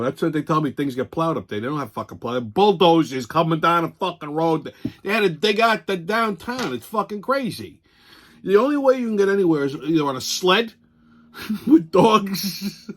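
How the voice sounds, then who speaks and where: A man hosts a casual monologue, his voice sitting a little high. He tells stories in a profane, lively way, laughing often along the way. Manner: profane, animated, laughs while telling stories. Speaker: host.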